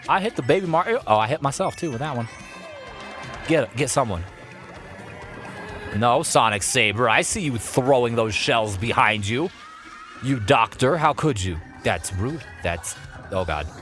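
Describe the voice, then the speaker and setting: Playful, excitable man streaming a racing game. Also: medium pitch, a little slow, long pauses, faint music behind. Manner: playful, excitable, chatty with viewers. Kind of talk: live gameplay commentary.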